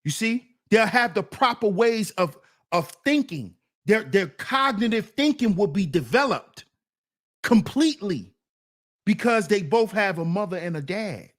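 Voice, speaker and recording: A man's voice: sits high, lively intonation, a little slow, fairly bright tone. A man hosting a podcast, giving blunt, profane, preachy commentary on manhood. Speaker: podcast host. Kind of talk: casual commentary.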